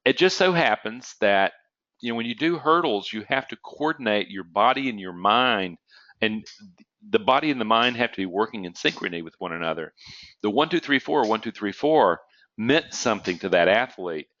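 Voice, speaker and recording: A man's voice: lowish voice, lively intonation, normal speed, fairly bright tone, dull audio. A man giving an online lecture on trading psychology, telling stories conversationally and often checking in with "okay?", with an occasional cough. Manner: conversational, storytelling with frequent "okay?" check-ins.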